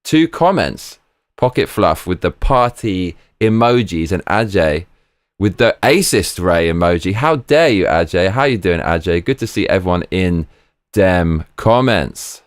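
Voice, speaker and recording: A man hosting a live stream, commenting on footage in an excitable, slangy, chatty way. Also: low voice, a little slow, clean tone, no echo. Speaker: streamer host.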